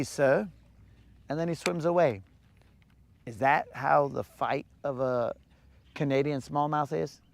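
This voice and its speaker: A man chatting casually and joking with slang while fishing from a boat on a lake. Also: mid-range voice. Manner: laid-back, slangy, joking. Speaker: fishing vlogger.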